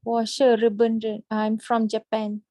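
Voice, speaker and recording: Woman, student, slow hesitant speech, slightly high voice, dry close sound. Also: monotone, dark tone, dry recording, rough recording. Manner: hesitant, many fillers, sounds out words slowly. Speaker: language student. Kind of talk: halting lesson practice.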